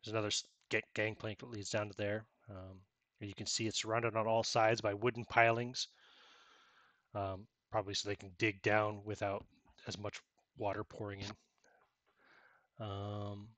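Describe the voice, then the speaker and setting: A game master describing a scene in a relaxed, filler-laden way. His voice is low-set with a bright, forward edge, recorded dry and close. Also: a little slow, pauses often, dry recording. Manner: casual, filler-heavy, self-correcting. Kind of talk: narrating a tabletop game.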